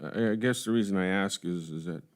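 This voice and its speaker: A man speaking as a county commissioner at a public meeting, halting and hedging with many restarts. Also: sits low.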